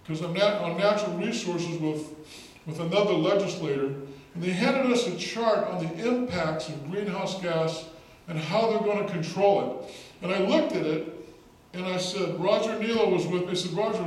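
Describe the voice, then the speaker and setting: A man's voice: high-pitched, normal speed. A man who is a state legislator, giving an emphatic storytelling speech at a political rally. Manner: storytelling, emphatic, repeats words for effect. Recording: echoey hall, distant mic, faint noise.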